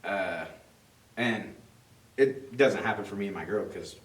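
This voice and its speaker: A man's voice: lowish voice, unhurried, far from the mic. Young male podcast co-host, loose rambling chat, echoey room, sitting back from the mic. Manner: loose, rambling, heavy on "like" and "you know". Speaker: podcast co-host, new father. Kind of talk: casual chat. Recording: roomy, from off the mic.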